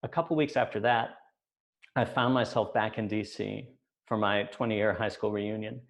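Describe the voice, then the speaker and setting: A man in his forties telling a personal story on stage, measured with deadpan asides. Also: on the low side, vocal fry. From United States.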